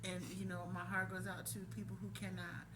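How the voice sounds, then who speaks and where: A woman's voice: lowish voice, little pitch movement, a little fast, over music. A woman from Arizona, a podcast guest talking casually and backing up the host with short replies. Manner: supportive, chiming in with backchannel responses. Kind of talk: casual conversation.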